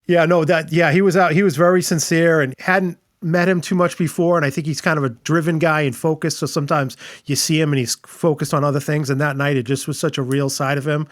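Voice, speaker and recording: A man with a fairly high-pitched voice, recalling an experience earnestly as a podcast guest. He often restarts his sentences, and the sound is dry and close. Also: steady tone, brisk, hardly any pauses, dry recording. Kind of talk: casual chat.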